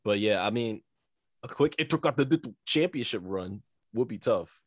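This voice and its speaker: Laid-back low-voiced man, dry sound. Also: animated, moderate pace, no echo. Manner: laid-back, slangy, trails off softly. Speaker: podcast co-host. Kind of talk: casual chat.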